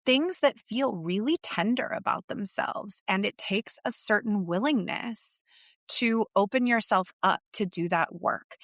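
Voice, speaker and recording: A woman's voice: medium pitch, a bit bright, no room sound, clean studio sound. A woman business coach telling a story in a solo podcast monologue, earnest and reflective, often acting out quoted lines.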